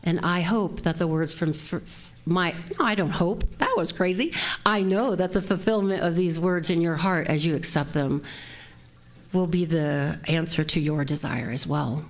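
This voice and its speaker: A woman's voice: fairly low pitch, normal speed. A woman minister giving a conversational sermon that mixes a personal story with a closing prayer, laughing now and then. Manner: warm, conversational, laughs often. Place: church sanctuary.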